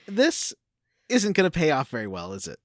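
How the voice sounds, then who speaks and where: A woman's voice: low-pitched, huge pitch swings, normal speed, no echo. A woman co-hosting a casual gaming podcast, recapping the plot with wry, dry asides. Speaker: podcast co-host.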